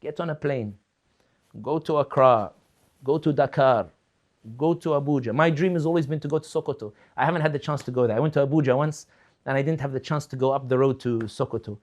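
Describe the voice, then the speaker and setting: A man's voice: medium pitch, brisk, a little mellow. A man, likely a young adult, speaking as a political commentator in an impassioned talk, fervent and rhetorical, building points with repeated questions.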